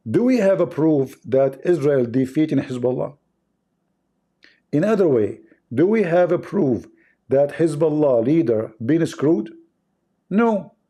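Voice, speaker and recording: Man, mocking and mellow. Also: a little high. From Arab world. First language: Arabic. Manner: sarcastic, repetitive, chuckling asides. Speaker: livestream host. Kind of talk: mocking livestream commentary.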